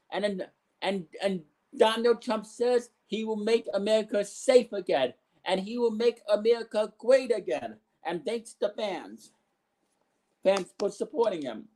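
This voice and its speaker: A man recapping a wrestling show as its commentator, rambling with restarts and bursts of excitement. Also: high voice, poor audio.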